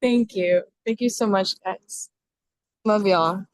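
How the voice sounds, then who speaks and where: Animated woman poet, crisp dry sound. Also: mid-range voice, slow, no echo. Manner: animated, dramatic readings with playful asides. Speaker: poet reading her work. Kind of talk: poetry reading over a video call. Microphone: video call microphone.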